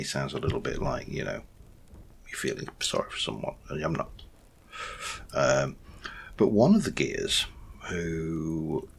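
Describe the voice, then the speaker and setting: A man's voice: rumbling low, creaky, fairly bright tone, husky. A man chatting casually and rambling a little while he plays a game and comments on it. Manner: chatty and rambling, with many fillers. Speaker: let's-play host.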